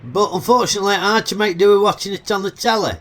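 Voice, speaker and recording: This cheeky middle-aged host, Northern English with a Yorkshire accent, runs a chatty comedic film review brimming with dialect banter. His voice sits high, a bit bright, and moves at a quick pace.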